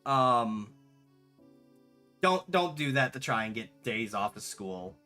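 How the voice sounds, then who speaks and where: A streamer in their late twenties, chatting casually on a livestream, answering chat and telling stories with lively swearing. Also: medium pitch, slow, faint music behind. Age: late 20s. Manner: animated storyteller, swears freely, answers chat aloud. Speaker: streamer and game developer.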